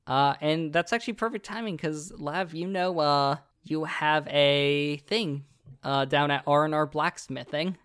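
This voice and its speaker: A man's voice: on the high side, unhurried, a bit bright, clean tone, dry recording, studio quality. A man narrating a tabletop game as game master, casual and full of fillers. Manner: casual, many fillers and restarts.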